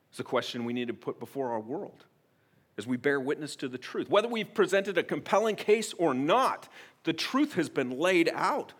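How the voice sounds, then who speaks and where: Earnest preaching man, hushed then booming. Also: big pitch swings, moderate pace, husky. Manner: swings between hushed, intimate appeals and loud, emphatic declarations; earnest and direct, addressing the congregation personally. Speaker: pastor. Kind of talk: sermon.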